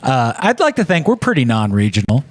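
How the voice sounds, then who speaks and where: A male host keeps the talk light with quick jokes and teasing. His pitch moves a lot as he speaks. He sounds close to the mic in a dry, deadened room. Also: huge pitch swings, dry recording. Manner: joking, teasing banter. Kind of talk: casual podcast chat.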